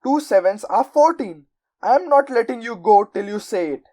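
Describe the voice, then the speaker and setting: A towering bully of a headmistress barks and thunders through the storybook, as a woman reading aloud puts her on. Her words drip with sarcasm and scorn, and her shouts climb sharply higher and louder. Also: expressive, moderate pace. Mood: bellowing. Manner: snapping, bellowing.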